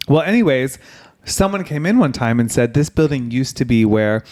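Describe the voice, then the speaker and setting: A man's voice: mid-range voice, normal speed. Laughing man from Ohio, podcast co-host. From Ohio, USA. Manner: laughs often, relaxed storyteller. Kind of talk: casual chat. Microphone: podcast headset mic.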